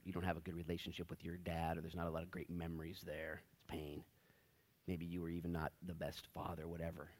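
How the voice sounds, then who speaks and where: A man preaching a casual, jokey sermon in a church. He swings from loud, excited bursts to hushed whispers. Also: low voice. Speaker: pastor. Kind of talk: expository sermon. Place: church sanctuary.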